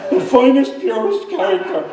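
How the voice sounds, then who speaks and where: A man's voice: high-pitched, animated, moderate pace, over a noisy crowd. A man reading aloud and voicing a quarrelsome, maudlin drunk with a Dublin accent. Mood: drunken. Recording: echoey hall, mic from far off.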